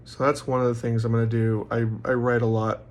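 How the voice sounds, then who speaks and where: Man vlogger, mid pitch, rambling casual monologue full of fillers, bursts into loud quoted voices. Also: flat delivery, fairly quick, a little hiss or hum. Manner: acts out quoted voices loudly.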